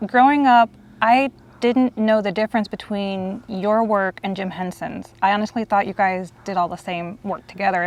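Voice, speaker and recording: A woman in her forties telling a guest how much her work means to her, earnest and close to tears. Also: mid-range voice. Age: 40s. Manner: earnest, gushing, near tears. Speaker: host. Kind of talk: emotional fan tribute.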